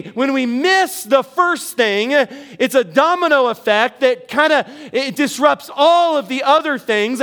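A man's voice: extremely high pitch, bright, forceful tone, clear, resonant tone. A middle-aged man preaching a sermon as pastor, earnest and emphatic, with rising bursts of emphasis.

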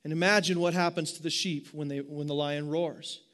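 A man preaching a sermon in an animated way, asking his listeners rhetorical questions. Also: on the high side, moderate pace. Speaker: pastor.

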